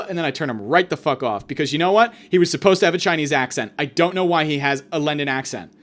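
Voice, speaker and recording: A man hosting a podcast, rambling through a crude comedic monologue full of fillers and deadpan exaggeration. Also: fairly high pitch, fast talker. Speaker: podcast host.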